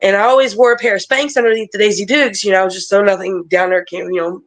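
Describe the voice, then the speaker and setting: Woman, pro wrestler guest on a video call, animated storyteller, swears freely, laughs through her stories, mid-range voice. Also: medium pitch, fast talker, low-quality recording. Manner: animated, profane, laughs often. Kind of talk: casual storytelling.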